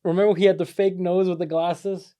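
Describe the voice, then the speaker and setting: A middle-aged man, a chef co-hosting a podcast, chatting casually with dry, deadpan teasing. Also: high voice, fairly quick, smooth. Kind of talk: casual chat.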